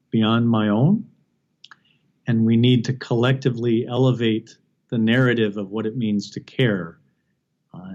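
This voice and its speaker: Earnest, warm-toned male physician. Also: medium pitch, muffled recording. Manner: earnest, thoughtful, many restarts. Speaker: palliative care physician. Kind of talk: reflective interview talk.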